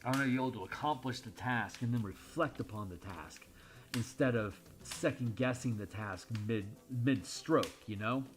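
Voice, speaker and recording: A man talks through his drawing session in a loose, rambling way, candid and quick to swear. His voice sits at an ordinary middle pitch, and faint music plays underneath. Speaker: streamer drawing art. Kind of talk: casual rambling stream chat.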